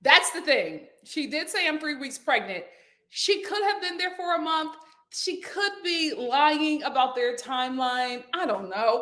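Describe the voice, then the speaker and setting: A woman's voice: high-pitched, expressive, moderate pace, bright, forceful tone. A woman hosting a casual live stream from home, chatting and reading viewer comments aloud.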